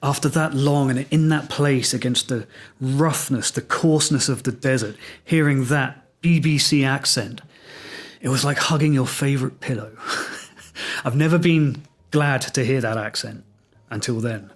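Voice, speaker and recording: A man's voice: mid-range voice, unhurried. A man from England with an English accent, hosting a solo podcast and telling his own story in a reflective, wry, self-deprecating way. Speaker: podcast host.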